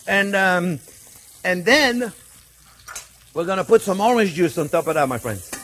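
A man's voice: high voice, fairly bright tone, a little hiss or hum. A male chef hosting a cooking demonstration in a kitchen, talking in a chatty, jokey way and calling the viewers his friends. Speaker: cooking show host, chef. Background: faint sizzling pan.

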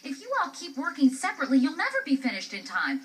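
A woman's voice: sits high, very animated, quick pace, fairly bright tone, far from the mic. A woman doing an eager kitty host. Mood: coaxing. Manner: eager, coaxing. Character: friendly female kitty show host. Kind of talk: children's puppet show acting.

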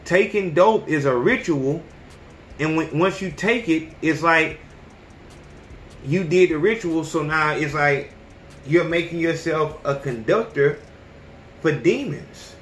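Preachy podcast guy in his 30s, swears a lot, kinda high voice, roomy echo. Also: slow pace, long pauses, fairly bright tone, slight background noise. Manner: blunt, profane, preachy street talk. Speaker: podcast host. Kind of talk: casual monologue.

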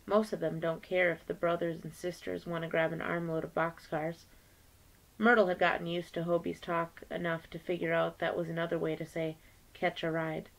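Gravelly low-voiced woman reading aloud. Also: level tone, moderate pace, low-quality recording. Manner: plain classroom read-aloud, lightly voicing characters. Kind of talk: read-aloud of a novel.

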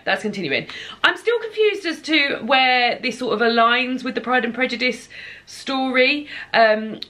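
A woman's voice: mid-range voice, pushed and bright. Chatty English woman, casual book vlogger, rambling and offhand, recorded in an echoey home kitchen. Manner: chatty, rambling, self-deprecating, swears casually. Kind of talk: casual rambling vlog chat. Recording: echoey room.

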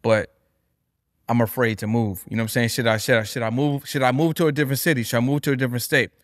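A man's voice: mid-range voice, racing, no room sound, clean studio sound. Affirming man hosting a podcast. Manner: agreeable, affirming, hype-style. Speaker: podcast host. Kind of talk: casual podcast chat.

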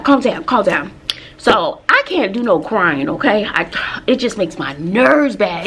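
A woman's voice: fairly low pitch, slight background noise. A woman, chatting casually in a vlog. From Texas, USA. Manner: chatty, animated storytelling with asides. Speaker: vlogger and teacher.

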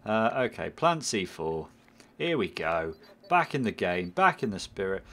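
A man's voice: deep voice, big pitch swings, measured pace, a bit bright. A man commentating his own game playthrough, rambling and self-mocking, muttering at the game as he plays. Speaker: gaming channel host. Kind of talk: let's play commentary.

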